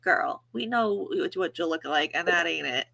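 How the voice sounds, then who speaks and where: A woman hosting a casual stream, mocking someone's photos in an animated way full of "like". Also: on the low side, normal speed, creaky, no room sound. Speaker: stream host. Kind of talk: casual gossip commentary.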